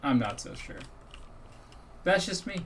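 A man hosting a podcast in casual chat, joking and swearing freely, thinking out loud with restarts. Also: high voice, very animated, a little slow, slight background noise. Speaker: podcast host.

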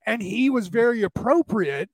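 Male host, high voice, dry close sound, animated storyteller who plays out the quotes. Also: moderate pace, dry recording. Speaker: podcast host. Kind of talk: casual storytelling conversation.

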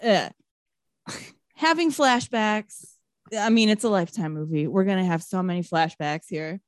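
A woman co-hosting a podcast who recaps a movie casually, with lots of swearing and animated asides. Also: mid-range voice, normal speed, dry recording, clean studio sound. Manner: profane, animated storytelling. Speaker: podcast co-host.

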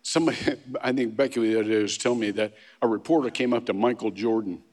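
A man's voice: on the low side, fairly even intonation, quick pace, a little mellow. A male pastor preaching a sermon in a casual, conversational way, with restarts and self-deprecating asides. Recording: long hall reverb.

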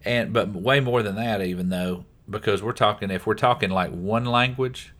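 A man's voice: lowish voice, normal speed, a bit bright. A man with a Southern US accent co-hosting a podcast in casual chat, often saying his co-host's name. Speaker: podcast co-host.

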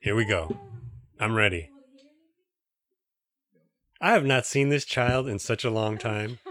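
A man's voice: on the low side, slow, fairly bright tone, no echo, studio quality. A man co-hosting a podcast, asking questions in a playful, mock-serious way. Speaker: podcast co-host. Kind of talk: casual podcast interview.

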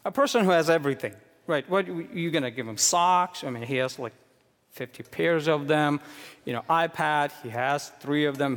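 Earnest male preacher in a reverberant hall. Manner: earnest preaching, swinging between hushed low stretches and raised emphatic questions. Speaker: pastor. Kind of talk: sermon.

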